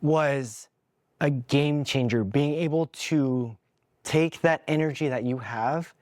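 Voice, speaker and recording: A man's voice: medium pitch, takes it slowly, dry recording, studio quality. A young adult man hosting a podcast, telling a personal story in an earnest, candid way, emotional and holding back tears. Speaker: podcast host.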